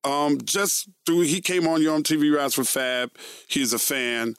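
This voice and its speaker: New guy in his 50s telling stories, swears a lot, animated, dry close sound. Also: on the high side, measured pace, clear, resonant tone, dry recording. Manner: profane, animated storyteller. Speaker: guest, veteran radio and TV host. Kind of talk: casual storytelling interview.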